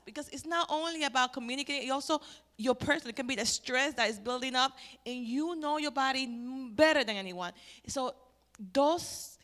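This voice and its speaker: Animated high-voiced woman sharing testimony. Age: middle-aged. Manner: animated, shifts between loud exclamations and near-whispers. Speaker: church family-life speaker. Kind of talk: personal testimony talk.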